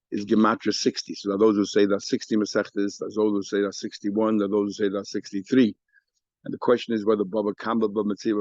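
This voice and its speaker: A man teaching a daily Talmud class, explaining the text and rising in pitch and volume whenever he reads a quoted passage. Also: a little mellow, dry recording. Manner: explanatory, rises in pitch and volume when reading quoted Aramaic. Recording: dry, slightly dull recording.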